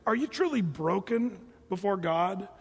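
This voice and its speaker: A man with a high voice preaches to his church in a casual, conversational way. He keeps slipping into the voices of the people he quotes. His words ring out with the long reverb of a large hall. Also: animated, a little slow, slight background noise. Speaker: pastor. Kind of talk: sermon.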